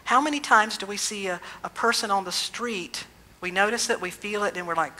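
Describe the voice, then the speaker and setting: Woman minister, sermon, bright clear tone, gentle reflective delivery. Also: mid-range voice, a little hiss or hum, low-quality recording. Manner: gentle, reflective storytelling with slowed emphasis.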